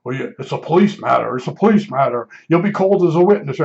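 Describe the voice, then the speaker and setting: Cautious dismissive dad, flat and lecturing, lower voice, as a man quotes him, lo-fi. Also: quick pace, gravelly. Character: cautious older father, dismissive. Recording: slightly dull lo-fi recording.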